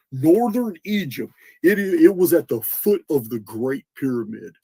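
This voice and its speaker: A man's voice: medium pitch, warm tone, slightly rough, dry recording. A man hosting a podcast, explaining in an earnest lecturing monologue, often restarting words and spelling out names, with a bit of a cough. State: coughing, clearing throat. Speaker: podcast host.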